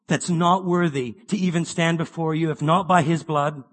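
A man preaching a sermon, swinging between excited bursts and quiet, earnest asides, with many rhetorical questions. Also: on the high side, normal speed.

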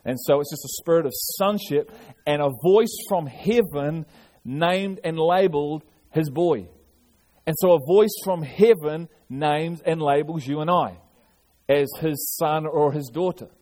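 Male pastor, fairly high voice, earnest sermon with restarts and repetition. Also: measured pace, dark tone.

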